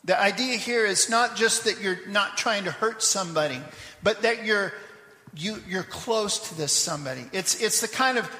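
Bright-voiced preacher in an echoey church. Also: male voice, high-pitched. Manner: reads scripture aloud with rising intensity, then drops to quick asides. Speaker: pastor. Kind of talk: sermon. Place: church sanctuary.

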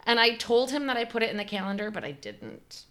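A woman's voice: on the high side, sing-song, a little fast, fairly bright tone. A young woman co-hosting a casual podcast. She tells stories in a loose, chatty way, fills her speech with "like" and often breaks into laughs. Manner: chatty storyteller, heavy use of "like", laughs often. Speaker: podcast co-host. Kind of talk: casual chat.

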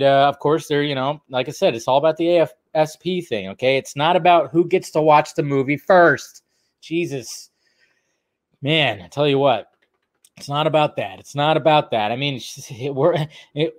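Male streamer host, casual, loose and chatty, slightly higher voice. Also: no room sound, clean studio sound. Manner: laughing, rambling, animated. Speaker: livestream host. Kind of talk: casual livestream chat.

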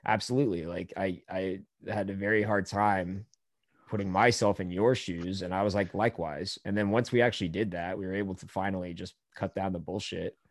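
A lower-voiced man hosting a casual podcast, ranting and joking with plenty of profanity. The sound is dry and close, with no room around it. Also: steady tone, fairly quick, no echo. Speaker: podcast host. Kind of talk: crude casual podcast chat.

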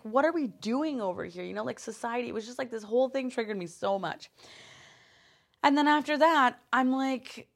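A young woman hosting a podcast, telling a personal story in a rambling, animated way, full of filler words and swearing. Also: mid-range voice. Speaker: podcast host. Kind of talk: casual storytelling.

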